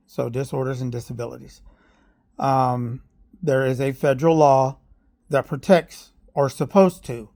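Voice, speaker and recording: A middle-aged man, a parent, telling his complaint in a personal video with earnest, halting speech full of fillers and a growing sense of grievance. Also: medium pitch, a little mellow. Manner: aggrieved, heats up when recounting.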